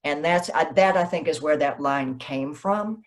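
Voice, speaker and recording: A woman novelist, a guest in an interview, telling stories in a lively way and acting out what people said. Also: low voice, unhurried. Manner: animated, acts out quoted dialogue. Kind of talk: conversational interview, storytelling.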